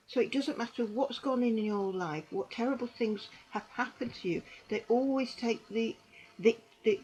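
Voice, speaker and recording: A middle-aged woman gives earnest personal testimony to camera, halting and repeating herself. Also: fairly high pitch, slightly rough, poor audio. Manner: halting and repetitive, with restarts; earnest and emotional, with bitter dark humour. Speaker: survivor giving testimony.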